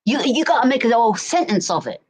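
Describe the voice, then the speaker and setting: A woman's voice: a little high, very animated, fast talker, darkish tone, breathy edge. A woman from chatting as a guest on a home live stream, telling stories and often asking "do you know what I mean", with no external mic. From England, Berkshire. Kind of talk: casual chat. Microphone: no external mic plugged in.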